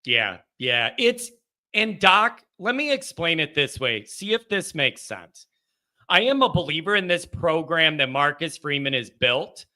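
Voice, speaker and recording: Bright, high-voiced excitable male host. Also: unhurried. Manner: excitable, reads viewer chat aloud and banters. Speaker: host of a call-in sports show. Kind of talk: casual call-in chat.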